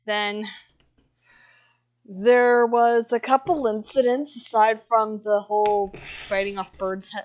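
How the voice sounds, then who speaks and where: A woman co-hosting a podcast in a casual chat, reading from notes with a chatty, easygoing manner. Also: mid-range voice. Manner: chatty, laughs often, reads out notes. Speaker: podcast co-host.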